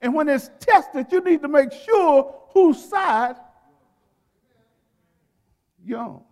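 A man's voice: extremely high pitch, expressive, takes it slowly, a little mellow. A man preaching a sermon in a church, calling on the congregation to repeat key words and stretching out his emphatic phrases. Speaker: pastor. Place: church sanctuary. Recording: long reverb of a large hall.

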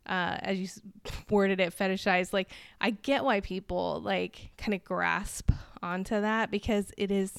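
American woman podcast host telling a story, smooth clear voice, dry close sound. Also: mid-range voice, measured pace, few pauses, no echo. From United States. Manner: chatty storyteller, animated when quoting others. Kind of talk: casual conversation.

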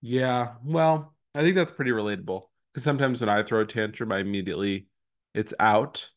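A man's voice: on the low side, fairly quick. A man co-hosting a podcast in casual chat, self-deprecating and laughing often. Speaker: podcast co-host.

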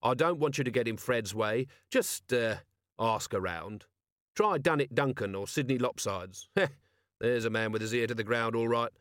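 A man reading an audiobook, voicing a weary, sardonic middle-aged male watch commander with a dry, even delivery. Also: medium pitch, normal speed, dry recording, close to an everyday voice.

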